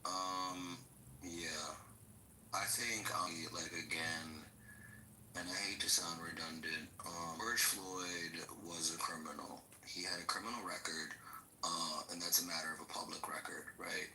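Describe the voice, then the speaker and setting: A man's voice: sits low, flat delivery, measured pace, bright, forceful tone, reverberant, slight background noise, poor audio. A man giving his opinion in an online debate room, hesitant, with frequent "um" and "like". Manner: hesitant, lots of "um" and "like". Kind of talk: casual opinion talk.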